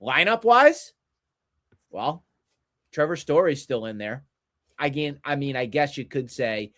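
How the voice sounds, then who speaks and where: Angry male podcast co-host, unhurried profane rant. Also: mid-range voice, expressive, a bit bright. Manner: angry, profane, repetitive ranting.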